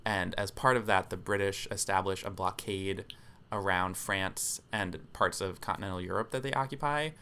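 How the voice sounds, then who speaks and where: A man with a deep, gravelly voice co-hosts a podcast and talks it through in an easy, explanatory way. He fills his pauses with ums. His tone is gritty but bright and forward. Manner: explanatory, many filler ums. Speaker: podcast co-host. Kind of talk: casual storytelling podcast chat.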